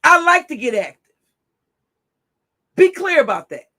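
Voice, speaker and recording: High, sharp-voiced woman ranting profanely. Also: sing-song, unhurried. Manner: profane, confrontational, taunting. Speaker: livestream host. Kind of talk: ranting livestream monologue.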